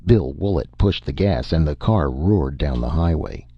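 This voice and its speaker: Deep, gravelly man narrating a story. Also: unhurried, no room sound, dull audio. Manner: steady storytelling reading.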